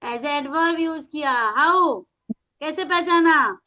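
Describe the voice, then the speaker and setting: A high, bright-voiced woman with an Indian English accent, teaching an online class. She switches between Hindi and English and draws key words out slowly. It sounds like a video call.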